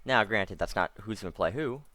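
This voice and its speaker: A man's voice: fairly low pitch, lively intonation, a little fast, pushed and bright, no echo. A man doing casual let's-play commentary, rambling and correcting himself, with wry asides. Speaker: gameplay commentator.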